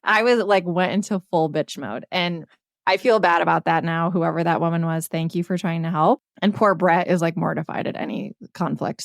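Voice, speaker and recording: A woman's voice: fairly low pitch, fairly even intonation, fairly quick, creaky, no echo, studio quality. A woman in her thirties, co-hosting a podcast, candidly retelling a story with casual swearing. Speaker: podcast co-host.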